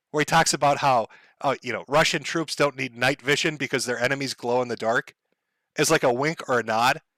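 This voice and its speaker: A man's voice: medium pitch, fairly bright tone, no room sound. A man rambling sardonically through a casual livestream monologue, swearing freely and laughing often. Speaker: streamer.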